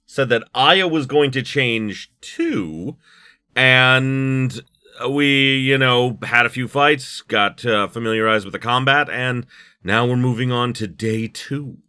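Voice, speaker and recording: A man's voice: mid-range voice, slow pace, sharp tone, clear, resonant tone, no echo, studio quality. A man in his thirties giving rambling let's play commentary, full of likes and you knows. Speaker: gaming YouTuber.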